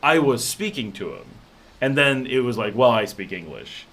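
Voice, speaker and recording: A man hosting a casual livestream, telling stories in a relaxed way and reading out viewer comments. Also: medium pitch, normal speed. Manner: relaxed storytelling, reads viewer comments aloud. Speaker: livestream host.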